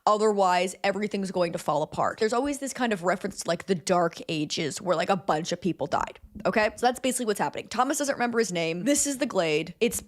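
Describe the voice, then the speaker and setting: A woman's voice: medium pitch, lively intonation, fast, few pauses. A young woman recapping a film in casual chat, chatty and sarcastic, swearing and laughing often.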